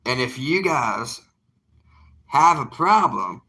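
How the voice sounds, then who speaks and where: With a thick Southern drawl, a young evangelist vlogger speaks straight to his audience in a casual vlog, emphatic and folksy, driving points home by repeating them. His medium-pitched voice is intensely bright and forceful, sing-song, and slow.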